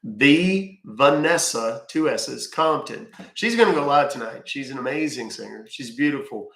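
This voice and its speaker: A man's voice: mid-range voice, normal speed, vocal fry, fairly bright tone, echoey room. A man hosting a casual live stream from home, rambling, thanking viewers by name and swearing offhand. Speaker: live-stream scambaiter host.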